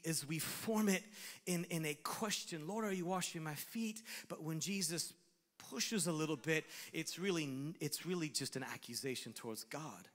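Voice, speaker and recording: A man preaching a sermon as pastor, animated and acting out voices in his stories. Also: a little high, long reverb tail.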